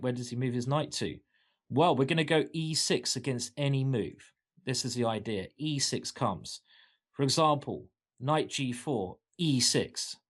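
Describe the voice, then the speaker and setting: An enthusiastic man gives a chess lesson, stepping through moves with a playful eagerness. His voice sits at an ordinary middle pitch, and he sounds like he enjoys the wild lines he is showing. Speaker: chess coach.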